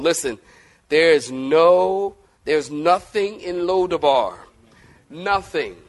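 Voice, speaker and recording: Animated high-voiced male preacher. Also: takes it slowly. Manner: animated preaching, swings between loud and soft, jokes with the congregation. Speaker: pastor. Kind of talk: sermon.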